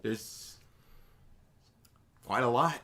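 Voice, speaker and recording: A man's voice: medium pitch, drawn-out words, pushed and bright. A man co-hosting a livestream, bantering playfully and teasing his co-host while reacting to a video. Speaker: stream co-host. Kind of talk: casual chat.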